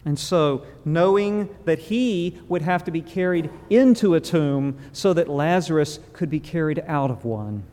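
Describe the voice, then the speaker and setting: Man, pastor, solemn measured preaching, mellow voice, long hall reverb. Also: on the high side, expressive. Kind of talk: funeral sermon.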